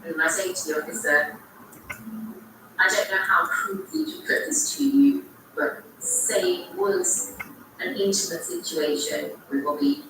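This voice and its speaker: A woman's voice: fairly low pitch, sing-song, unhurried. A woman recounting her story in documentary testimony, telling it dramatically. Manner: dramatic storyteller acting out quoted lines. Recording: echoey distant TV audio with faint noise.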